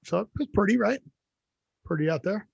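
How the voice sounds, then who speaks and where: High-voiced, teasing man. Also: animated, normal speed, gravelly, husky, dry recording, lo-fi sound. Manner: joking, teasing, playful. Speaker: podcast host. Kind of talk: casual chat. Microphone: video call.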